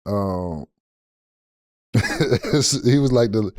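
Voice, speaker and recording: A man's voice: mid-range voice, wildly swooping pitch, drawn-out words, darkish tone, dry recording, studio quality. A man in his thirties, a podcast guest, telling a rambling story in casual chat with many restarts.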